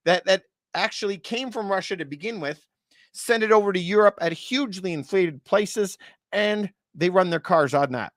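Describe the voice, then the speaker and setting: On the high side and a little fast, with a fairly bright tone, a market and real estate commentator explains the economy in a relaxed monologue. He keeps it chatty, asks rhetorical questions, calls his audience "you guys," and laughs briefly whenever something seems absurd. Studio quality, no room sound.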